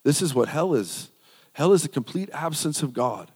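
A man's voice: a little high, animated, normal speed, a little mellow, husky, long reverb tail. A man preaching a sermon, reading scripture aloud and repeating phrases for emphasis.

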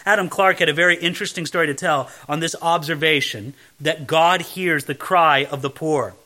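A man giving verse-by-verse Bible teaching with a high, bright voice. He talks conversationally, reading each passage aloud and then explaining it plainly. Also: moderate pace.

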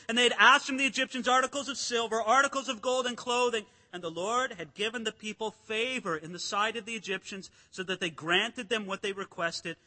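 Man, pastor, high bright voice, dramatic preaching, long hall reverb. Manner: dramatic preaching, swings from hushed to emphatic. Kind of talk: sermon.

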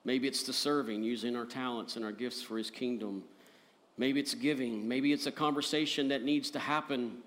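A man preaching a sermon as pastor, earnest, rising to emphatic peaks and dropping soft. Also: medium pitch, steady tone, moderate pace.

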